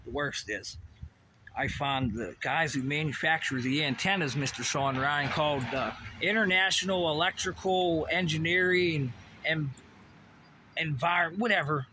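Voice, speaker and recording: A man's voice: a little high, a little slow, bright, forceful tone, a little hiss or hum. A man ranting to camera in a heated way, swearing often and firing off rhetorical questions. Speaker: vlogger. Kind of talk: profane conspiracy rant to camera.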